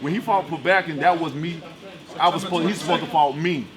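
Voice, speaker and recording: A man's voice: on the high side, a little fast, a crowd in the background. A man, a boxer, talking bluntly and with swearing in a casual interview. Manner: blunt, profane, animated.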